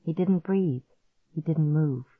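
A woman narrates a storybook at a slow, unhurried pace, her voice sitting on the lower side. The recording is dry and close, with a slightly dull, muffled tone. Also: slightly rough, dry recording. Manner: measured, vivid first-person storytelling. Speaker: audiobook narrator.

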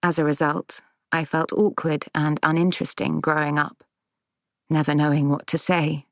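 Low-voiced woman narrating calmly. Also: no room sound. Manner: measured, gentle, reflective. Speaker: audiobook narrator. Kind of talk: first-person audiobook narration.

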